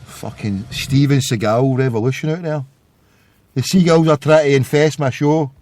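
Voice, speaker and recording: A Scottish man hosting a live internet radio show, swearing profusely and swinging between yelling and forced calm. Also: medium pitch, normal speed. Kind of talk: live call-in show rant.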